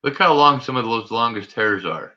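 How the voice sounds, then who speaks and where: A man hosts a casual livestream, talking straight to his viewers in a nervous, joking way. His voice is very bright and sharp-edged. The audio is dull and lo-fi. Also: medium pitch, expressive, normal speed. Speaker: livestream host.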